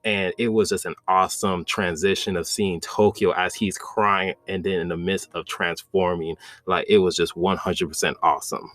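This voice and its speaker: A man hosting his own channel, recapping and reviewing a manga chapter in a loose, enthusiastic way, full of "like" and "bro". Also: low-pitched.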